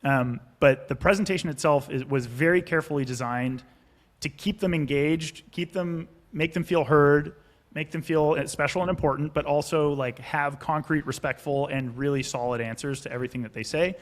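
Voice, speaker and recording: Animated, slightly high-voiced founder on a call. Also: male voice, moderate pace. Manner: animated, acts out investor and founder lines, swears casually. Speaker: podcast guest, startup founder. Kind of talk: casual explanatory interview talk.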